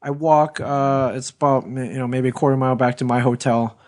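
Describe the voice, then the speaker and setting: A man's voice: medium pitch, steady tone, brisk, a little mellow. A man in his thirties co-hosting a podcast, telling a rambling story in casual chat and swearing freely. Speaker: podcast co-host.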